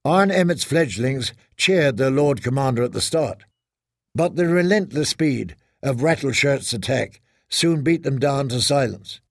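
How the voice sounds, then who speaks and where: A man narrating a fantasy audiobook in a steady, measured way. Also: medium pitch, dry recording, clean studio sound.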